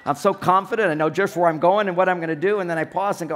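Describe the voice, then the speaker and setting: A man's voice: sits high, fairly even intonation, fast talker, a bit bright, slight background noise. A man giving a humorous seminar talk on relationships, acting out little scenes as he goes. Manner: joking, acts out little scenes. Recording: long hall reverb.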